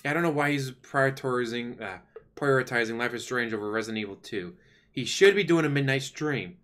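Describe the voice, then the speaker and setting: A man at an ordinary middle pitch rambles to his livestream viewers in a loose, sarcastic way. He grumbles and jokes as he talks, casual rather than scripted. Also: brisk, a bit bright. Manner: complaining, chatty, sarcastic. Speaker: livestream host.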